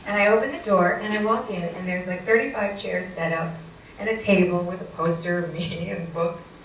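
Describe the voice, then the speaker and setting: A woman author telling a story to a live audience, animated and self-mocking. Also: lowish voice, normal speed, a little hiss or hum. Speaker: author and speaker. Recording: roomy hall, distant mic, faint ambience.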